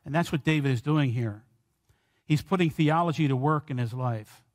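Preaching man in an echoing church hall. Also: fairly high pitch. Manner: earnest preaching, slows and rises on quoted prayers. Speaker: pastor. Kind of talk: sermon. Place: church sanctuary. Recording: long church hall reverb.

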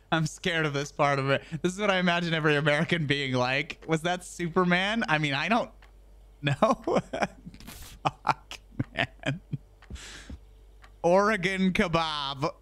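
A man's voice: on the high side, measured pace, fairly bright tone, dry recording. A man streaming a video game, chatting casually as he plays, rambling and joking with frequent swearing. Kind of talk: casual gameplay commentary.

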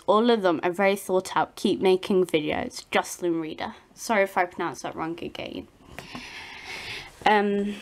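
A woman with a British accent hosting a doll channel, reading fan messages aloud. She reads hesitantly, stumbles over names and apologises often. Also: medium pitch.

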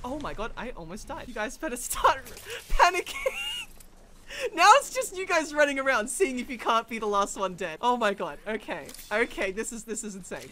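A woman giving excitable, frantic gameplay commentary, often breaking into laughs. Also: on the high side, normal speed, slight background noise. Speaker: gaming video creator. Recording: gunfire and game sounds behind voice. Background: game gunfire and effects.

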